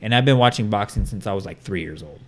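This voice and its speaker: A man's voice: fairly low pitch, expressive. A man co-hosting a casual podcast chat, swearing freely and often repeating words. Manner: rapid, profane, repeats words.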